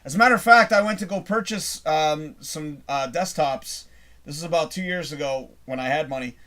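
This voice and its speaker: A middle-aged man from Canada hosting a live show, telling a long rambling story in a casual, animated way and swearing freely. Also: on the high side, normal speed.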